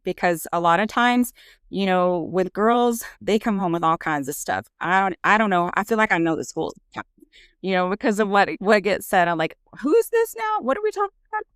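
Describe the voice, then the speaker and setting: Earnest woman with a smooth, resonant voice. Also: on the low side, moderate pace, fairly bright tone, dry recording, studio quality. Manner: earnest, candid, frequent "you know" fillers. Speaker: nurse practitioner and parent. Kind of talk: casual podcast conversation.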